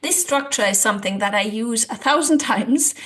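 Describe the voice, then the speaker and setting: A language-learning video host talks to camera at normal speed in a high, fairly bright voice. Her tutorial is casual and chatty as she thinks out loud, with a soft laugh now and then.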